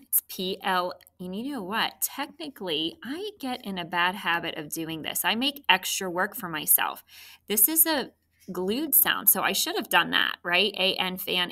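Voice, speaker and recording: A woman teacher giving a recorded spelling lesson to children, patient and clear, prompting with questions. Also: on the low side, sharp tone.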